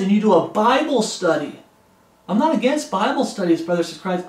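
A man's voice: high-pitched, echoey room. A man preaching an expository Bible sermon, emphatic, repeating his warnings and reading scripture aloud.

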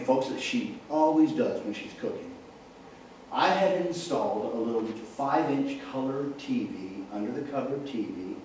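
A man preaching in a lively, joking storytelling manner, moving around the church as he talks. His voice sits at an ordinary pitch and rings through a very echoey sanctuary, picked up from a distance, with a light hiss behind it. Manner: animated, jokey, walks about the room. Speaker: evangelist preacher. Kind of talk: storytelling sermon with humor. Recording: echoey church hall from far off.

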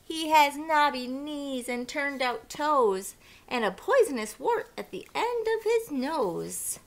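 A woman's voice: high-pitched, animated, slow pace, voice pushed up, exaggerated voice. A woman voicing a small, clever brown mouse in a picture-book reading, speaking boldly and emphatically. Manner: bold and emphatic.

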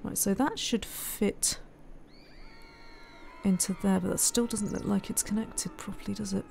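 A woman's voice: medium pitch, steady tone, unhurried, gravelly, a little mellow, slight background noise. A woman giving casual let's-play commentary, chatting to herself and muttering frustrated asides while she builds. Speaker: game streamer.

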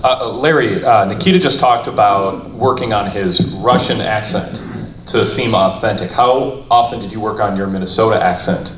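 A man co-hosting a podcast, asking a teasing question in a deadpan way. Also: lowish voice, moderate pace. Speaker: podcast co-host. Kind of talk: casual interview. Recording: dull, echoey, noisy audio.

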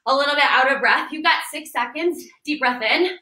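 A high-pitched young woman trainer leads a workout, cueing form and counting down with upbeat energy. Her bright voice rings through a roomy, echoey space. She sounds a little away from the microphone. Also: brisk. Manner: upbeat coaching, counting down reps, frequent "right?". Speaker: fitness trainer. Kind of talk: leading a workout class. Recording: echoey room, voice a bit distant.

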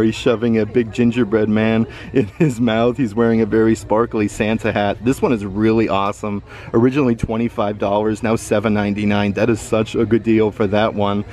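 A man's voice: lowish voice, darkish tone. A man filming a casual shopping vlog in a store, upbeat and enthusiastic as he shows items and their prices. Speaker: vlogger. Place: indoor retail store.

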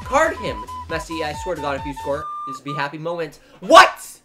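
A young man talks over his own football game, muttering low one moment and yelling at the referee the next, swearing freely. His pitch jumps about wildly with every chance. Loud game music plays behind him. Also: fast talker. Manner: excitable, swears a lot, swings from muttering to yelling. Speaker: gaming YouTuber. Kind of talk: live gameplay commentary.

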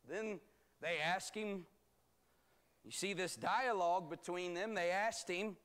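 A man teaching a bible study as pastor, reading scripture aloud and explaining it in a measured, emphatic way. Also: sits high, fairly bright tone. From United States.

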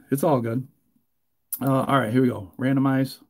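A man hosting a live card break, chatting casually and joking, getting loud and excited. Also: medium pitch, measured pace. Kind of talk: live stream break commentary.

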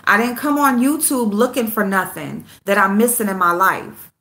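A woman's voice: medium pitch, moderate pace, sharp tone. A woman hosting a casual phone livestream, greeting viewers by name as babe and speaking bluntly, repeating herself for emphasis. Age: adult with a school-age son. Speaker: livestream host.

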